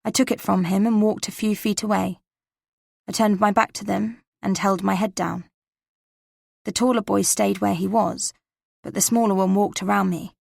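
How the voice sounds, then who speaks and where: A woman narrating a cozy mystery audiobook in the first person, with a gravelly edge to her mid-range voice. Her delivery is measured and wry. Close, dry studio sound. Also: medium pitch, steady tone, darkish tone, no room sound.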